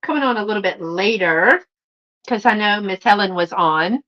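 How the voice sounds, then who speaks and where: A woman's voice: mid-range voice, expressive, normal speed, bright, forceful tone, muffled recording. A woman with a Southern US accent chatting casually on a live stream from home, greeting viewers by name with many fillers. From Southern United States. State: a little flushed from a walk. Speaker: YouTube live stream host.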